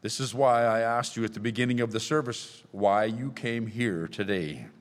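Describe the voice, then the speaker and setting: A man's voice: medium pitch, moderate pace. A man preaching a sermon in a church, reading scripture aloud with rising emphasis. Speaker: pastor. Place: church sanctuary. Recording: long hall reverb.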